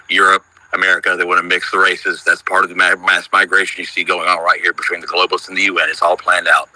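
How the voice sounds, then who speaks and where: Fast-talking worried man in his fifties. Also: deep voice, completely flat delivery, sharp tone, low-quality recording. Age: 50s. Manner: worried, rambling, emphatic. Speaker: caller on a live audio room. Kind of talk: casual chat.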